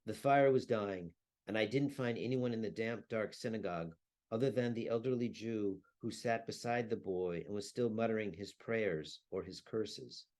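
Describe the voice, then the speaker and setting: A historian and translator, a man, giving a talk and reading aloud, measured with some hesitant fillers. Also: on the low side, a little mellow. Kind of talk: talk with a read-aloud excerpt.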